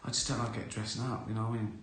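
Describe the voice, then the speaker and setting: A man's voice: on the low side, flat delivery, very fast, a bit bright, reverberant. A middle-aged man, chatting casually on a live stream, answering viewer questions, laughing often and acting out little scenes.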